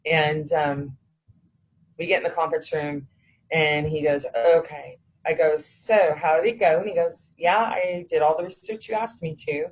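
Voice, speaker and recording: A woman's voice: sits low, fairly even intonation, moderate pace, husky, poor audio. A woman recounting a personal story, acting out the dialogue of others and cursing when heated.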